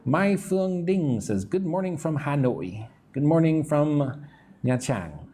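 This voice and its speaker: An American man teaching English on a live stream, speaking slowly and clearly, repeating words for practice and greeting viewers from the chat. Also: fairly high pitch, big pitch swings, warm tone. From United States.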